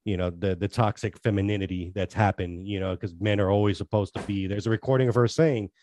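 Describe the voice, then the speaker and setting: A man's voice: on the low side, steady tone, quick pace, a little mellow, slight background noise. A man co-hosting a casual podcast chat, talking in long earnest rambles that trail off and restart. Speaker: podcast co-host.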